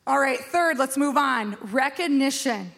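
Woman pastor, sermon, chatty and self-mocking, slightly high voice, asks the room questions. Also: animated, measured pace, creaky, fairly bright tone.

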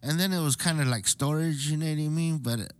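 A man with a fairly high voice speaks a little fast, telling a story in casual chat, swearing freely and animatedly acting out what people said.

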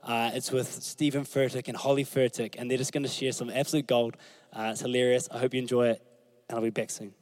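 A man at a church casually introducing a video clip, relaxed and plain. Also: medium pitch, fast, in a large hall. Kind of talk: casual announcement.

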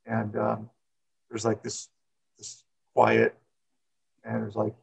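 A man's voice: fairly low pitch, completely flat delivery, slow pace, vocal fry, long pauses, slightly rough, poor audio. A middle-aged man who coaches, telling a personal story in an interview, rambling and repeating words with many fillers.

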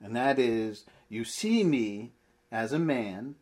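A man's voice: mid-range voice, animated, slow, darkish tone. A man voicing an exasperated male teacher who presses his doubting followers with emphatic, ad-libbed questions. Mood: pleading.

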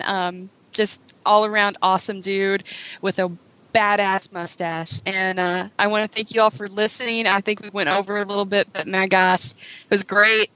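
A woman's voice: mid-range voice, sharp tone, clean tone. A woman hosting a podcast in casual chat, bubbly and laughing often. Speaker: podcast host.

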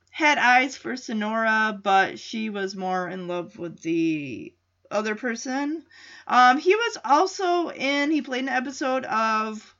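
A woman podcast host chatting through an episode recap, rambling and thinking aloud as she goes. Her voice is bright and high, with a lively, swooping pitch. The sound is dull and lo-fi, like a home recording. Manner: rambling, thinks aloud, many fillers and restarts.

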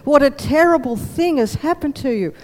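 A woman's voice: high-pitched, expressive, normal speed, pitched above the performer's own voice. A woman voicing a man visiting a blind friend, fussing and then skeptical, with a long hall reverb. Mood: pitying.

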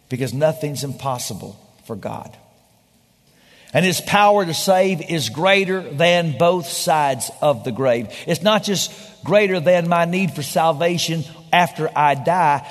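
A man preaching a sermon as pastor, swinging between loud emphatic lines and hushed, slow ones. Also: on the high side. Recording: large hall with long reverb.

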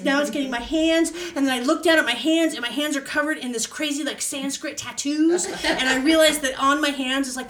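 A woman with a high voice tells a story as a podcast guest, casual and lively, acting out quotes loudly. The mic is distant and the room is echoey.

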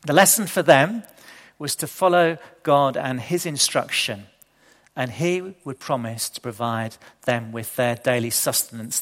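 A man's voice: medium pitch, fairly bright tone. A man preaching a sermon in a conversational way, asking the congregation questions. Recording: long hall reverb.

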